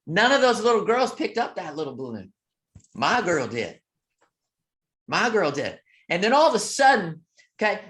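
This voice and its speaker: A man coaching with a motivational talk, telling a story in an emphatic, preacher-like rhythm. He keeps asking "okay?" and moves between loud and soft. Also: sits high. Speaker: real estate coach.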